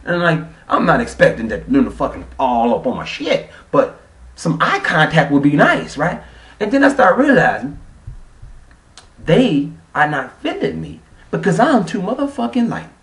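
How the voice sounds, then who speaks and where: A man's voice: on the high side, sing-song, normal speed, fairly bright tone, distant mic. A man vlogger telling a travel story in a casual, profane, rambling way. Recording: roomy sound, off-mic.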